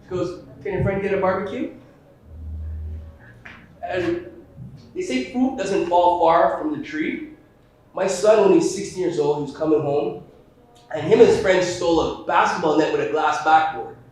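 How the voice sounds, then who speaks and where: A man from Jamaica, doing a stand-up comedy set with punchy storytelling and quick character voices. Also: fairly high pitch, a little mellow. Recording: roomy, distant mic.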